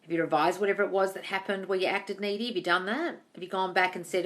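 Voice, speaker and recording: A woman answering live-stream questions in a bright, forceful voice. She is blunt and swears freely, reads viewers' comments aloud, and calls everyone darling. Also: medium pitch, steady tone, quick pace, hardly any pauses. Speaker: manifestation coach answering live chat questions.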